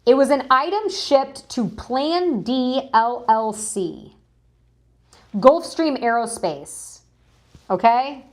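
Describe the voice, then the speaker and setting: A woman's voice: sits high, expressive, slow pace. A woman hosting a live news stream, chatting casually and greeting viewers in chat as she talks through documents. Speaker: livestream news host.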